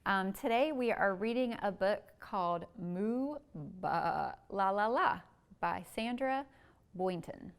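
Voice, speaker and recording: A woman's voice: mid-range voice, animated, slow pace, hardly any pauses, clean tone. A young woman, a museum educator, reading a picture book aloud to children with sing-song animal sounds, then talking about insects. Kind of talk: children's story time reading and talk.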